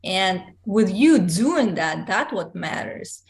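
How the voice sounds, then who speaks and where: A woman hosting a podcast interview, speaking in a calm, reflective and encouraging way. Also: medium pitch, slow pace, creaky. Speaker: podcast host.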